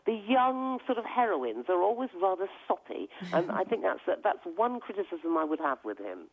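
Animated woman author over a phone line. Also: mid-range voice, normal speed. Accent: West Country English. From Devon, England. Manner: lively, laughing often, many restarts. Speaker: children's author interviewed. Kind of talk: casual interview.

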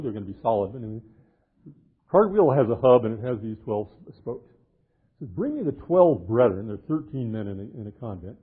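An older man, a literature professor, giving an animated lecture and cheerfully acting out the characters of a medieval tale, reading old verse aloud. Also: medium pitch, slightly rough. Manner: jovial, acts out quoted characters, reads old verse aloud. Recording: tinny phone-like lecture recording.

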